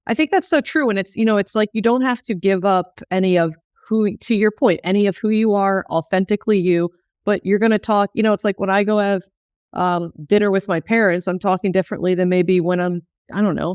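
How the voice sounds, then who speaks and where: A woman's voice: medium pitch, brisk, a little mellow, no room sound, studio quality. A woman hosting an interview, asking questions and reflecting thoughtfully, sometimes searching for words. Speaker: podcast host.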